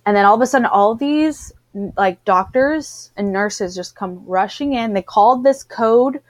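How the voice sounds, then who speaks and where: A woman's voice: a little high, unhurried, no room sound. A woman in casual chat, animatedly telling a personal story and acting out the voices of the people in it. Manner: animated storyteller, acts out what others said.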